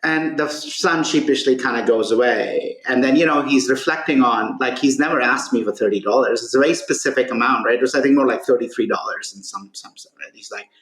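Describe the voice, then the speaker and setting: A man's voice: medium pitch, fairly quick, few pauses, fairly bright tone. A male podcast guest and author telling a story in conversation, peppering his talk with "right?" and "you know". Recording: roomy echo.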